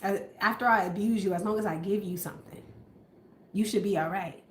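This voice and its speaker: A woman's voice: medium pitch, fairly quick, a little hiss or hum, close to an everyday voice. A woman plays a controlling, abusive man who swears freely and blames his partner for everything. The voice rings in a roomy space with noticeable echo. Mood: coaxing, manipulative. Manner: profane, blaming, self-pitying rants.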